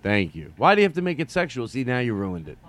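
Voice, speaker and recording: Rambling comedian with a lively, swinging voice. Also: male voice, mid-range voice, fast talker. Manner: loose, joking, swings between loud bursts and mumbles. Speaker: podcast host. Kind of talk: rambling solo comedy podcast.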